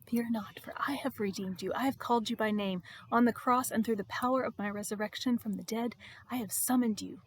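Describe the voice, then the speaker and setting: Soft tender jesus, a woman reading him quietly, hushed and close, dry sound. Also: a little high, fairly even intonation, brisk, slightly rough, dry recording. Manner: hushed and intimate. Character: gentle, tender male Jesus speaking softly.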